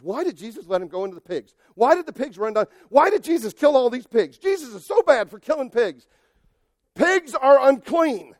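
A male pastor preaches with lively emphasis and talks directly to his congregation. His voice sits high for a man and he swings from soft remarks to loud outbursts. The sound is dry, with no room echo. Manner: addresses the congregation directly and conversationally. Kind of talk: sermon.

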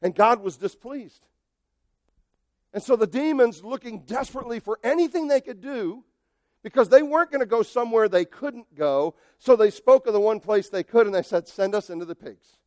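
Animated, high-voiced preacher, man. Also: normal speed, no echo, clean studio sound. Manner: emphatic and animated, swinging between soft asides and loud outbursts; addresses the congregation directly and conversationally. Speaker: pastor. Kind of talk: sermon.

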